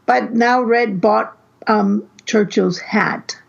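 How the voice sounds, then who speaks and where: A fairly high-voiced woman talks through her fan theories on a podcast, often stopping and starting her sentences. Her audio is dull and a bit muffled. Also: fairly even intonation, slow pace, vocal fry. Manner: theorizing, restarts a lot. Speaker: podcast co-host. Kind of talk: casual podcast chat. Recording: muffled lo-fi sound.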